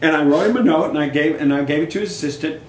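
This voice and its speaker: An older guest musician tells stories in a casual interview, animated and very fast, his voice on the high side. He acts out quoted dialogue, recorded in an echoey room with faint noise.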